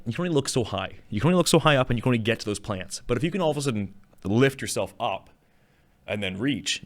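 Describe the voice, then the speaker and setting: A man's voice: lowish voice, fairly bright tone, dry recording. A man hosting a casual educational show, rambling, correcting himself and chuckling as he explains. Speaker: show host. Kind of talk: casual educational talk on dinosaurs. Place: small studio.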